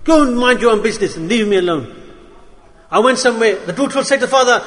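A man's voice: very high voice, lively intonation, quick pace, fairly bright tone, in a large hall. A man preaching an emotional sermon to his brothers, pleading and impassioned, his voice rising and falling sharply.

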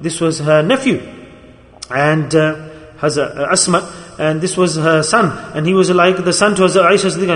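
Fast emotional preacher in an echoey hall. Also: male voice, high-pitched, a bit bright. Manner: emotional, self-deprecating, pleading. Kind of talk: sermon.

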